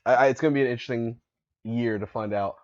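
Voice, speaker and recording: A man co-hosting a casual gaming news chat, telling stories quickly and acting out quotes. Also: medium pitch, lo-fi sound. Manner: rapid, animated storytelling with acted-out quotes. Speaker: co-host.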